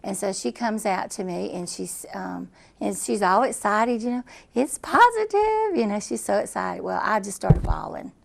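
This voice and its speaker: Middle-aged woman, gravelly voice, earnest repetitive storyteller, interview guest. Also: medium pitch, moderate pace, few pauses. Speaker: guest telling her story.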